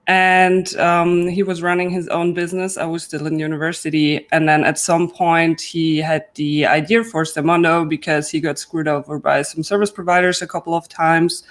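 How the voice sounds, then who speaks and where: A woman's voice: low-pitched, level tone, moderate pace, hardly any pauses. A woman on a panel, telling her story in an earnest, reflective way. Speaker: panel guest. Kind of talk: casual panel chat.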